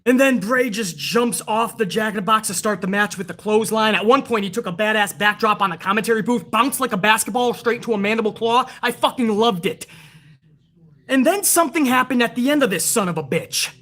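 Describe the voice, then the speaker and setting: A woman hosting her own wrestling review show, ranting to viewers in a casual, heated way, swearing constantly and retelling events with rising excitement. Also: a little high, a little fast. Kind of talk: casual profane review rant.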